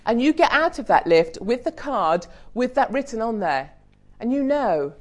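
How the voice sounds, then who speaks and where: A middle-aged British woman speaking on a business panel, blunt and humorous, growing more animated as she urges the audience on. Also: fairly high pitch, normal speed. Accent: British English. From United Kingdom. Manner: blunt, energetic, humorous, mildly swearing. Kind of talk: lively panel talk to an audience.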